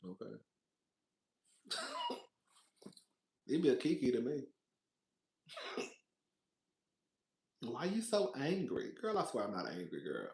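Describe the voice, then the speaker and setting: A man's voice: mid-range voice, wildly swooping pitch, slow, gravelly, long pauses, a little mellow, roomy sound, poor audio. A man reviewing a reality show, over-the-top and dramatic, swearing freely and swinging from hollering to whispering. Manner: profane, chatty, calls listeners "girl". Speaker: TV recap vlogger.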